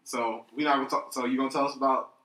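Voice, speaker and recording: A man's voice: mid-range voice, steady tone, quick pace, fairly bright tone. A man co-hosting a casual podcast, teasing his friends and swearing freely as he laughs along. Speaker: podcast co-host. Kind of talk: casual chat among friends. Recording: roomy echo, faint noise.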